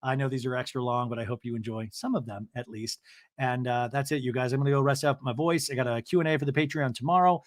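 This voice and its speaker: A man hosting a podcast, recapping a reality show in an animated, gossipy way, swearing freely. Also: mid-range voice, fast, no echo, studio quality. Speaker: podcast host. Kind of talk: casual recap commentary.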